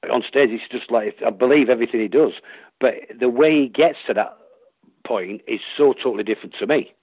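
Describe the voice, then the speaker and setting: Yorkshire actor rambling on, husky voice, tinny dry phone line. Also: male voice, medium pitch, a little fast, no echo. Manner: rambling, full of restarts and acted-out quotes. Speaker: actor, guest. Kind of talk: casual interview chat.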